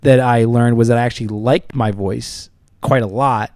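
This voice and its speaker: Animated man telling stories in a dry studio. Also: mid-range voice, normal speed, dry recording. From Southern US, Tampa. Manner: animated storyteller, loud excited bursts then soft asides. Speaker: podcast host and musician. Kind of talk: casual chat.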